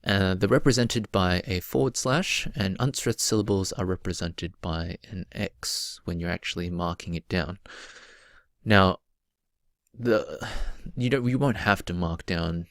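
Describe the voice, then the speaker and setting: A man teaching a recorded poetry lesson, explaining patiently and stretching out example words slowly. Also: deep voice, creaky, no echo, studio quality.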